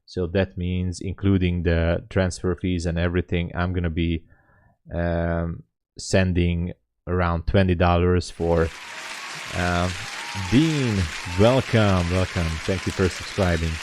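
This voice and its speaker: A man's voice: deep voice, little pitch movement, measured pace, a little mellow, dry recording, some chatter behind. A man hosting a live day-trading stream, chatting casually with viewers and greeting them by name. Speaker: livestream host and day trader. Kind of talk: casual livestream chat.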